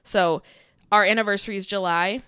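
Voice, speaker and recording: A young woman chatting casually as a podcast co-host, her voice smooth and resonant. The sound is close and dry with no room around it. She rambles warmly through fillers and laughs often. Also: medium pitch, steady tone, brisk, no room sound. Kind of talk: casual chat.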